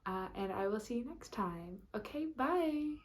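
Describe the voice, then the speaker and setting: A woman's voice: mid-range voice, moderate pace. A woman vlogging in a casual, rambling chat to camera, full of fillers and restarts.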